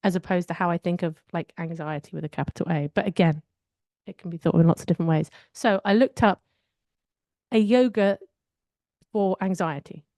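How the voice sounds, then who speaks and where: A woman's voice: fairly low pitch, fairly quick, warm tone, dry recording, clean studio sound. A woman co-hosting a podcast, telling personal stories in a candid, reflective way during a casual chat. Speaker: podcast co-host.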